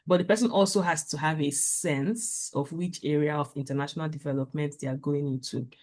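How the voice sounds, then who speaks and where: A woman talks earnestly on a video call. She gives practical, step-by-step advice, pausing often with fillers as she gathers her thoughts. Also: sits low, fairly even intonation, darkish tone. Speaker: guest speaker. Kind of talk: casual talk on a video call.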